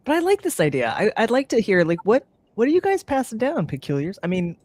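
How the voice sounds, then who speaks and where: Lively, laughing podcast co-host. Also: mid-range voice, quick pace, no room sound. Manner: lively, laughs a lot, reads listener comments aloud. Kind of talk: casual chat.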